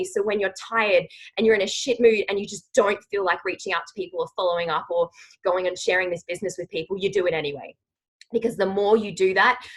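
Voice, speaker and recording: A woman's voice: medium pitch, breathy edge, rough recording. A woman in her thirties leading a team training call, emphatic and rallying, often checking in with "okay?".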